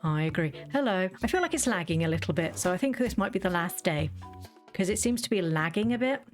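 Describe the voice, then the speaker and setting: Chatty woman with a low voice. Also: animated, fairly quick, faint music behind. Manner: chatty, wry, laughs while telling stories. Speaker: gaming streamer. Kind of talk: casual storytelling while playing.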